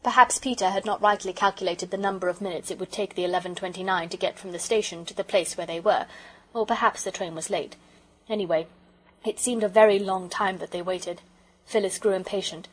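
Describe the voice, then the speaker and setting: Breathy woman narrating a children's audiobook. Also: medium pitch, fairly quick, poor audio. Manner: expressive storytelling.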